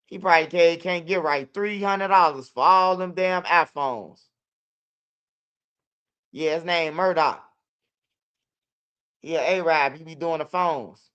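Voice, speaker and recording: A man's voice: on the high side, slow pace, long pauses, a bit bright, clean tone, muffled recording. A young man with a Chicago accent telling street stories in loose, profane casual talk. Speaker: interviewee. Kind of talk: casual storytelling.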